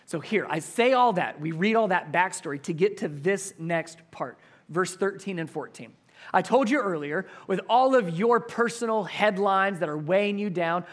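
A man delivering a sermon with a notably high voice. He preaches with emphasis, driving points home through repetition. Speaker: pastor.

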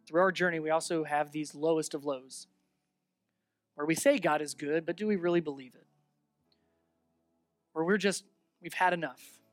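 A pastor preaching a sermon with animated, emphatic teaching and rhetorical questions. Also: mid-range voice, no echo.

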